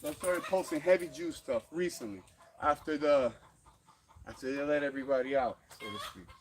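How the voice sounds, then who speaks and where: A man's voice: a little high, moderate pace, background noise. A man talking loosely through a boxing workout in an outdoor yard gym, breathing hard, swearing and laughing as he rambles. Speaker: fitness vlogger. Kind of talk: casual rambling talk during a workout. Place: outdoor home gym under trees on rural land. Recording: loud outdoor background with roosters and dogs.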